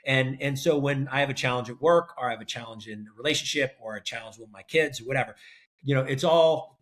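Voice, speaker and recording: A middle-aged man, a guest in an interview, telling a family story in a relaxed way with many ums and uhs. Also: medium pitch, quick pace. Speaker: guest, researcher and ultrarunner.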